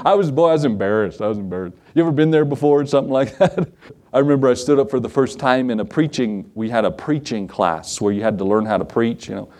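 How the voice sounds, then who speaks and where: A middle-aged man preaching a sermon, telling folksy stories with frequent chuckles and big swoops in pitch. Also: fast. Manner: folksy, chuckling storyteller with lively pitch swings. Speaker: pastor.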